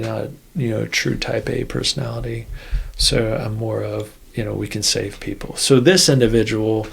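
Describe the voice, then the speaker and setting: A man's voice: fairly low pitch, gravelly, slightly rough. A man, a former Air Force officer, tells a story in a casual interview, rambling with many restarts. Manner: rambling, full of "you know" and restarts.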